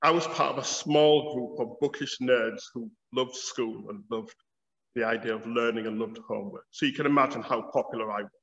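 A man's voice: medium pitch, moderate pace, fairly bright tone. Yorkshire man lecturing in a reverberant hall. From Bradford, Yorkshire, England. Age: 50s. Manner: storytelling, wry. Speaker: lecturer, theology professor. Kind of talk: public lecture. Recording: dull audio with long hall reverb.

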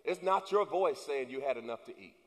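A male pastor preaching a sermon, building to shouted emphasis and calling out to the congregation. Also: medium pitch, lively intonation, a little fast, long reverb tail. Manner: preaching with rising, shouted emphasis and call-and-response. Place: church sanctuary.

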